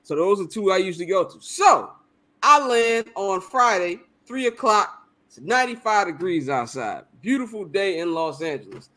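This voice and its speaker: A young adult man co-hosting a podcast, telling a long story in a casual, animated and profane way, often laughing. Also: sits high, normal speed. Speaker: podcast co-host.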